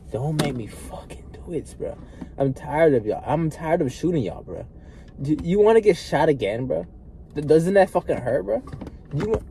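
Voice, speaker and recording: A young man vlogging an unscripted, profane rant to camera, swinging between loud outbursts and low mutters. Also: background noise.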